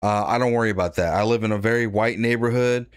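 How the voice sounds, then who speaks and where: A man's voice: lowish voice, fairly even intonation, fast, clean tone, no echo. A man giving blunt, sarcastic live-stream commentary, reading out donations and laughing at his own jokes. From United States.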